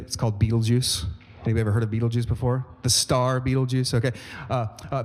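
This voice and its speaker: Emphatic preacher in a reverberant church hall. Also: male voice, medium pitch. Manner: preachy, rising to emphatic peaks, asks the congregation questions. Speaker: pastor. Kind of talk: sermon. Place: church sanctuary.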